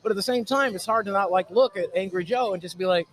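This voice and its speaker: Brief: male guest, rowdy and profane, fairly high-pitched, casual storytelling. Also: fast. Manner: rowdy, sweary, animated storyteller. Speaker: guest YouTuber. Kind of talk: casual convention podcast chat. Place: comic convention.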